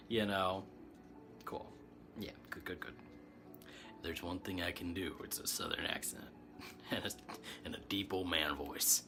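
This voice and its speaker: A man's voice: low voice, unhurried, long pauses, over music. A man giving a casual, rambling tarot chat, answering comments and laughing often. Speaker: tarot reader and streamer. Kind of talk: casual spiritual chat, reading tarot cards.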